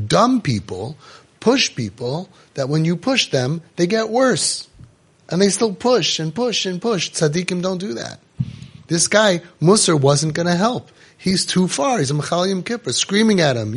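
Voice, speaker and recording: A man's voice: a little high, breathy edge. A man, giving a storytelling Torah class full of Yiddish and Hebrew words and rhetorical questions. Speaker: rabbi giving a Torah talk.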